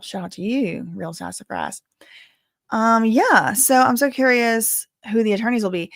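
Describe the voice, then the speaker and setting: A woman's voice: fairly high pitch, animated, normal speed, no room sound, clean studio sound. A woman chatting casually on a live stream, updating viewers on a court hearing and reading their comments aloud with lots of filler words. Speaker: livestream commentator on a court case.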